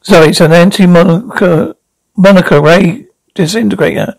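A man voicing a brisk, clever young woman with a matter-of-fact manner. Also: sits high, creaky, poor audio.

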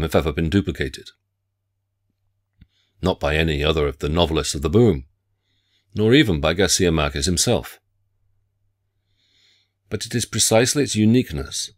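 A man delivering a scripted literature lecture in a measured, formal academic way. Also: low voice.

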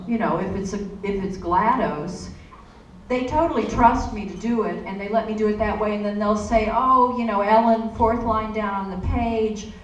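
A woman voice actor answering questions on a convention panel, chatty and storytelling with many asides. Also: mid-range voice. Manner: chatty, warm storytelling with frequent "you know". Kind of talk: panel Q&A talk. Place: convention hall. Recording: echoey hall from far off, faint noise.

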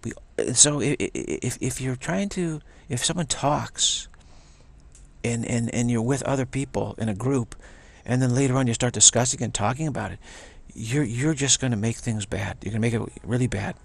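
A man speaks in a gravelly, slightly husky voice of ordinary pitch. He muses through a reflective spiritual talk, doubling back on his words. Now and then he slips into the voices of the people he quotes. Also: moderate pace. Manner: rambling, repeats words, acts out quoted voices.

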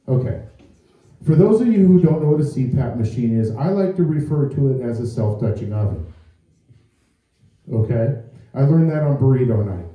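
A man's voice: mid-range voice, lively intonation, normal speed, pauses often, mellow. A man doing a stand-up comedy set, telling a story with acted-out quotes and asking the crowd questions from a club stage. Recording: roomy and far from the mic.

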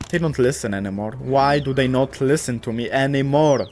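A young man casually commentating a cute game, gushing, swearing lightly and talking to the characters, often jumping up into excited squeals. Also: mid-range voice, normal speed, few pauses, faint music behind. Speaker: gaming YouTuber.

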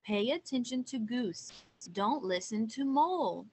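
A woman's voice: a little high, expressive, a little slow, slightly rough, no echo, voice pushed up, full character voice. A woman voicing an observant owl in a picture book, firm and emphatic. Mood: stern.

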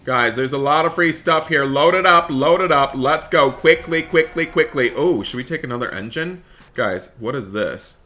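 A young man hosting a gaming video, giving excited gameplay commentary and talking straight to his viewers. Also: fairly high pitch, normal speed. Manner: animated, keeps addressing viewers as guys, shouts for help in panic. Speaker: gaming channel host.

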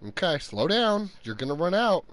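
A man's voice: sits high, big pitch swings, normal speed, fairly bright tone. A man live-streaming a game, chatting loosely and a bit tipsy while he babysits a small child. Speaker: gaming streamer. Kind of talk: casual live-stream chat.

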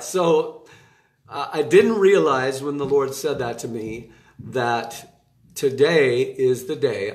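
Chatty man preaching in an echoey room. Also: medium pitch. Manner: chatty and animated, with many asides and laughs. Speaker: preacher giving an online devotional. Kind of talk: casual preaching to camera. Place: room in his home.

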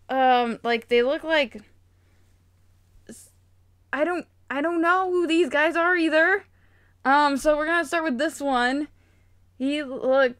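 A bubbly young woman with a high, bright voice chats through a toy unboxing, gushing and gasping with excitement. Her voice is recorded dry and close, with no room sound around it. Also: no room sound. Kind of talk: casual unboxing chat.

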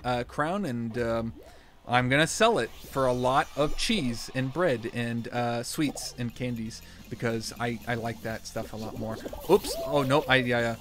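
Bright-voiced excitable gaming streamer man. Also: medium pitch, measured pace. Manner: excitable, bursts into shouts and laughter; rambling with many fillers and restarts. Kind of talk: live gameplay commentary.

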